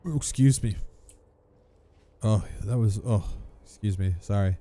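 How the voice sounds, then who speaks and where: A gamer and video host casually narrates his own gameplay, playful and chuckling as he goes. His voice is fairly low, mellow, and unhurried.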